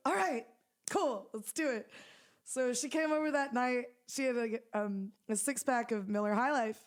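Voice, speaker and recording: A woman's voice: on the high side, moderate pace. Chatty young woman musician, fillers galore. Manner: rambling, many "like" fillers, laughs often. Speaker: musician guest. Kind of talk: casual interview chat.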